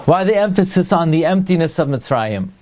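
A man with a slightly raised pitch leads a Torah lesson. He keeps asking why, sets up each point as a puzzle, and stops now and then to hunt for a word. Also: very animated, mellow, a little hiss or hum. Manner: asks rhetorical questions, pauses to search for words. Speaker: Torah teacher. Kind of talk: Torah class lecture.

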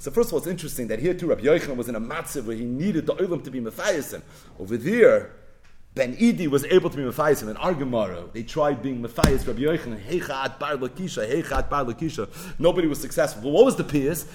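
A man's voice: medium pitch, expressive, quick pace, a little mellow, a little hiss or hum. A man teaching a Talmud class, mixing Aramaic and Hebrew terms into English and acting out the rabbis' voices in a sing-song learning cadence.

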